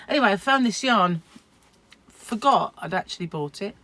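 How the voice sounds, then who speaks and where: A woman's voice: mid-range voice, expressive, normal speed, pushed and bright, dry recording. A middle-aged British woman from the UK, chatting casually to camera as a crochet vlogger, rambling and self-deprecating with frequent laughs. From United Kingdom.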